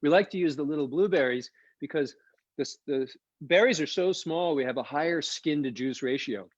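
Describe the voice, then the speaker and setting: A man's voice: fairly high pitch, a little fast, no echo, highs cut off. Chatty man leading a wine tasting. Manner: enthusiastic, chatty, explains as he tastes. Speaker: winery co-founder presenting a tasting. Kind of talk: live online wine tasting presentation. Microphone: video call.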